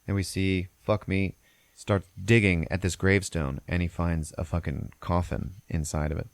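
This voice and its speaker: A man's voice: sits low, little pitch movement, moderate pace, dry recording. A man hosting a podcast, retelling a film plot in a loose, profane, rambling way. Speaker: podcast host. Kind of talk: casual film recap.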